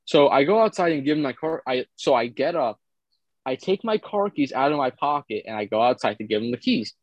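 A young man tells a rambling, crude story in a relaxed podcast chat. His voice sits in a middle range. The sound is dry and close, with no room around it. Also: mid-range voice, brisk, no echo, muffled recording. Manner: rambling, crude, jokey anecdote teller. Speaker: podcast co-host.

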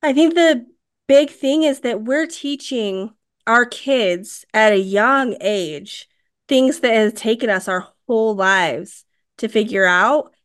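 A woman in her thirties co-hosting a podcast, telling a story in a casual, animated way. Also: on the high side, slow. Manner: animated storytelling, acts out quoted dialogue. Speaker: podcast co-host.

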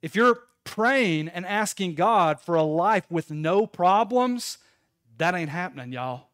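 High-voiced man preaching a casual sermon. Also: animated, slow, fairly bright tone, no echo, studio quality. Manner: conversational storytelling, addressing congregation. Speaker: pastor.

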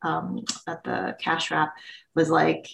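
A woman's voice: low-pitched, flat delivery, takes it slowly, gravelly, fairly bright tone, poor audio. A woman guest on a podcast, candidly sharing a personal story with emotion and acted-out quotes. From United States.

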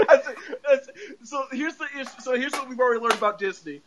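A man hosting a podcast in casual chat, animated, laughing often and swearing freely. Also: very high voice, fairly quick, rough recording. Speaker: podcast host. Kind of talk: casual chat recapping a show.

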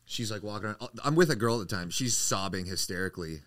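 A man's voice: fairly low pitch, animated, fast, fairly bright tone, no room sound. A young man, a podcast guest, telling a profane story with lots of acted-out quotes. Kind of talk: casual storytelling.

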